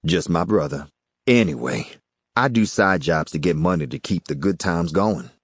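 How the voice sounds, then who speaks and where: A cocky small-time hustler, read by a man in an audiobook, folksy and drawling. The voice is very deep, and its pitch swings widely. It sounds dry and close. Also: expressive, normal speed, slightly rough, no room sound. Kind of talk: audiobook character voice.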